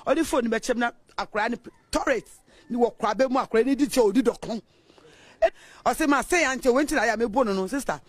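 A woman neighbor telling an interviewer in a lively way what she witnessed, acting out the voices she quotes. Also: a little high, a little fast, dry recording. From Ghana. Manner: animated storytelling, acts out quoted voices. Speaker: neighbor giving witness account. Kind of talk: interview account in Twi.

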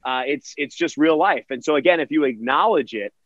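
A man's voice: a little high, brisk, fairly bright tone, no echo, highs cut off. A man who works as a virtual event host, answering interview questions energetically and acting out quotes in other voices.

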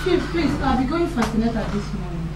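A desperate pleading wife. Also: female voice, a little high, big pitch swings, fast talker, very noisy. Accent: Nigerian. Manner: pleading, repetitive begging. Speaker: pregnant wife begging husband. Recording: echoey room from far off, with music.

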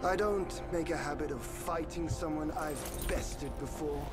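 A man's voice: fairly high pitch, measured pace, natural voice. An actor playing a proud celestial male general in a video game, speaking in a formal, composed and lofty manner. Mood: lofty calm. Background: game music.

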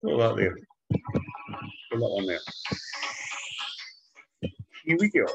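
A man teaching a trading setup on screen, talking like a hyped salesman who keeps calling out to "ladies and gentlemen". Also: lowish voice, sing-song, slow pace, gravelly, highs cut off. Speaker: trading instructor. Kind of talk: screen-share trading walkthrough. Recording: music bed behind voice.

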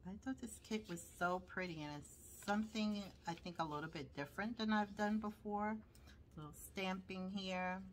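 A woman's voice: medium pitch, fairly even intonation, moderate pace, slight background noise. A woman with a Brooklyn accent showing her handmade journals, chatting casually and rambling with lots of fillers. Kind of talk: casual show-and-tell.

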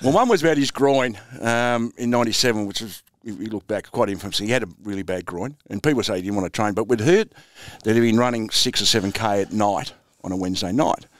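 A man's voice: fairly low pitch, fast talker, few pauses, no room sound, studio quality. An Australian man in his sixties, a former footballer and coach, telling anecdotes in a laid-back, chuckling interview style. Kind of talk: storytelling interview.

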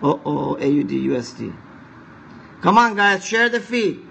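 A man's voice: on the high side, big pitch swings, measured pace, gravelly, fairly bright tone, slight background noise. A man streaming live forex chart analysis, coaxing viewers to share and repeating his points.

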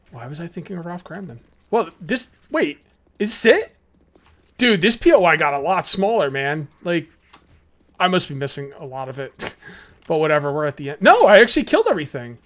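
A young adult gaming YouTuber with a higher voice gives casual let's-play commentary, chatty and excitable and full of rambling asides.

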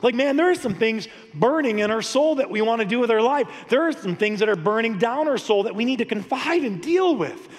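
A male pastor with a high, light voice preaches an animated, story-driven sermon. He chuckles through his anecdotes and keeps the tone casual. The sound rings out in a large, reverberant sanctuary. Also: brisk, hardly any pauses. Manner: animated, storytelling, laughs often. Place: church sanctuary. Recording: long hall reverb.

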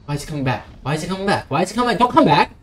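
Jumpy young man, lively pitch. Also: racing, a crowd in the background. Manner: jumpy, swearing, hushed and frantic by turns. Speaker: gaming channel host. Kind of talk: horror game let's-play commentary.

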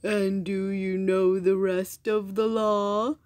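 A woman voicing a boastful male giant in a storybook reading, speaking slowly and mockingly. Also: level tone, darkish tone, no echo, clean studio sound, natural voice. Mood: gloating. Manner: slow, booming, mocking.

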